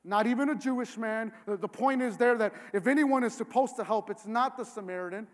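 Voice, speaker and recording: Man preaching, really high voice, earnest and gets loud and emphatic, big echoey church sound. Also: a little fast. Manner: earnest, builds to emphatic near-shouting. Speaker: pastor. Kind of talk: sermon. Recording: long hall reverb.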